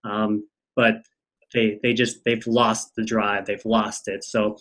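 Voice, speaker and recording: A man's voice: fairly low pitch, little pitch movement, takes it slowly, a bit bright. A man hosting a podcast interview over a call, upbeat and encouraging, with many fillers. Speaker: podcast host. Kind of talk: casual interview. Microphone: remote call.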